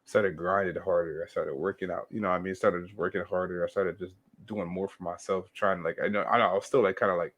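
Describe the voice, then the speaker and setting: A man's voice: low-pitched, steady tone, fast, few pauses, a bit bright. A young man co-hosting a podcast, chatting loosely in slang and profanity, with lots of "yo" and "bro". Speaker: podcast co-host. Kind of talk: casual podcast chat.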